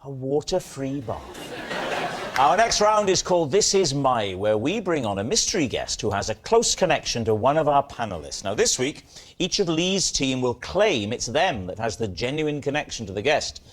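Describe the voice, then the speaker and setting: A man's voice: mid-range voice, very animated. Man hosting a comedy panel show. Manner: brisk, teasing, steers the panel. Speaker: game show host. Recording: studio audience laughter and noise.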